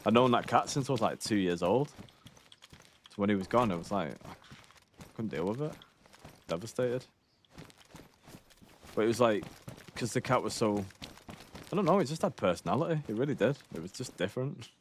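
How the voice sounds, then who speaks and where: A man's voice: fairly low pitch, expressive, normal speed, pauses often, a little hiss or hum. A man in his thirties chatting casually while streaming a game, rambling and swearing as he tells stories. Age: 30s. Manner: rambling, sweary, laid-back storytelling. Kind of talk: casual chat while gaming.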